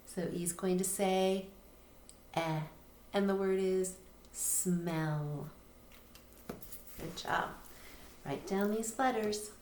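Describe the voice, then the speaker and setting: Slow, patient woman teaching phonics. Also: medium pitch, steady tone, echoey room, noisy background. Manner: patient, spells words out letter by letter. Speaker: reading teacher. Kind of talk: recorded phonics lesson for children.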